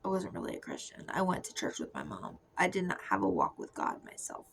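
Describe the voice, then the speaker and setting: A young woman giving a soft, confessional personal testimony that often drifts into a whisper. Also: very deep voice, wildly swooping pitch, fairly quick, creaky, a little hiss or hum, low-quality recording. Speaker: Christian testimony speaker.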